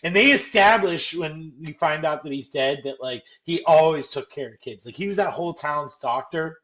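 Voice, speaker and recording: A man co-hosting a casual movie podcast, animated and retelling scenes with plenty of "like". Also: a little high, normal speed. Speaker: podcast co-host.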